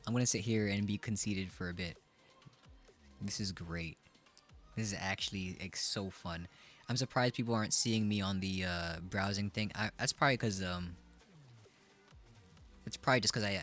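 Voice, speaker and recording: A man's voice: on the low side, fairly even intonation, normal speed, fairly bright tone, faint music behind. A man in his twenties chatting casually on a live stream, playful and joking at his own expense. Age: 20s. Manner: playful, joking, self-mocking. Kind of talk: casual chat.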